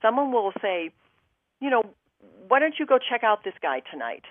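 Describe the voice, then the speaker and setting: A woman's voice: on the high side, big pitch swings, moderate pace, dry recording, narrow, tinny audio. A woman guest telling a personal story on a talk show, acting out her own thoughts and what others said to her.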